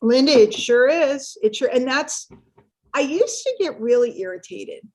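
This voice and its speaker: Animated, playful middle-aged woman on a webinar. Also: high voice, moderate pace. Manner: animated, playful, repeats herself for emphasis. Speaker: guest speaker on marketing webinar. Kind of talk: casual live webinar chat.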